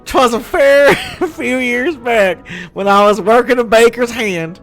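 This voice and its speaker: A man voicing a cowardly rustic male dockhand from a game, in a put-on country bumpkin accent, excitable and yelping. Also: very high voice, takes it slowly, soft background music, pitched above the performer's own voice, heavily acted. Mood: rattled.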